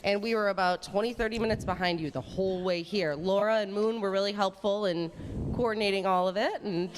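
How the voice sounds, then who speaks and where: A woman from Southeast Wisconsin, a radio guest telling a story in a lively, chatty way. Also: medium pitch, big-room sound, noisy background. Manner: lively, chatty, quick bursts. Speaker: guest caller on radio show. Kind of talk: casual storytelling. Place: resort hotel on location.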